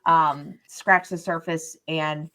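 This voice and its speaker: A woman's voice: low voice, fairly even intonation, takes it slowly, crowd noise. A woman co-hosting a podcast, talking casually with many fillers and restarts as she explains things from her own experience. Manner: explains tarot practice from experience. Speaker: podcast co-host. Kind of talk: casual chat.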